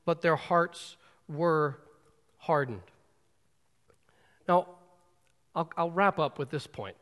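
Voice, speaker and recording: High-voiced pastor preaching in a reverberant hall. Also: male voice. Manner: animated, storytelling, speeds up and drops low for emphasis. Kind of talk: sermon. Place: church sanctuary.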